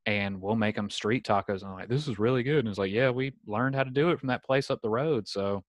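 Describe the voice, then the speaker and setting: A man's voice: fairly low pitch, fast, dry recording. A young man with a Southern accent, hosting a casual podcast chat and telling stories full of "like". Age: young adult. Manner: chatty storyteller, many "like" fillers. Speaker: podcast host. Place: home in San Diego.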